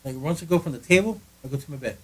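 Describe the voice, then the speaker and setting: A man's voice: on the high side, racing, fairly bright tone, slightly rough, low-quality recording. A man co-hosting a casual podcast from a friend's living room, rambling and joking with lots of restarts. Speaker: podcast co-host. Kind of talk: casual chat.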